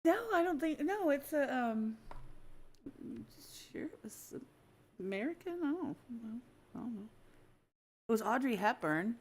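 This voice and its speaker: A woman's voice: high voice, lively intonation, a little slow, long pauses. A woman hosting a loose, unscripted podcast conversation. She talks at length, circles back to make her point, and laughs often between sentences. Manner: chatty, laughs often, explains things at length. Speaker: podcast host. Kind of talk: casual unscripted chat.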